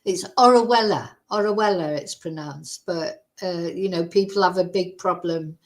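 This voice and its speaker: A woman's voice: on the low side, steady tone, a little slow. A woman hosting a true crime livestream, talking in a chatty, rambling way with lots of fillers. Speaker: true crime channel host. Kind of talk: casual livestream commentary.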